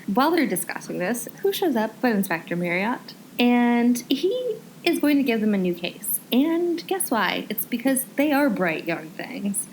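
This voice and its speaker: A woman's voice: a little high, very animated, unhurried, slight background noise, rough recording. A woman co-hosting a book podcast, chatting casually with dry jokes. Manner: wry, joking. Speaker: podcast co-host. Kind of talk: casual chat about books.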